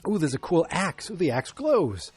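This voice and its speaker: A man's voice: a little high, very animated, fast, dark tone, slightly rough, faint music behind, pitched above the performer's own voice. A man voicing a giant male ape as a wide-eyed, gushing, childlike creature, in a podcast recap. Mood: awed.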